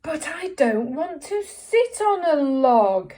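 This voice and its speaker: A woman's voice: medium pitch, fairly even intonation, unhurried, creaky, mellow, reverberant, recorded from a distance. A woman voicing a reluctant storybook frog who complains in a whiny voice.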